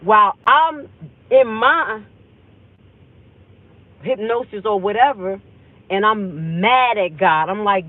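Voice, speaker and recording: A woman's voice: medium pitch, slow pace, long pauses. A woman host telling an emotional personal story on a livestream, rambling and acting out the conversations she remembers. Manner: intense, rambling, acts out remembered dialogue. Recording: tinny phone-like audio.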